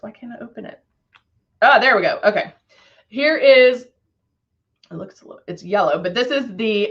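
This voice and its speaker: A woman's voice: fairly high pitch, fairly bright tone, lo-fi sound. A middle-aged woman hosting a live makeup demo, chatting casually, laughing often and reading viewer comments aloud. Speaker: live stream host.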